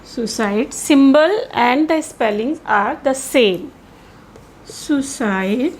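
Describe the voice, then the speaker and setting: A woman teaching English pronunciation, saying each sound slowly and deliberately with pauses and fillers. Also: on the high side, a little hiss or hum. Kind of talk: pronunciation lesson.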